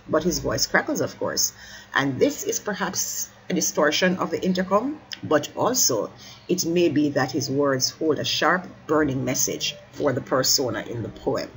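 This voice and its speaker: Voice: medium pitch, low-quality recording. Teacher explaining a poem line by line. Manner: stops to correct slips, apologizing mid-sentence; urges listeners to keep up.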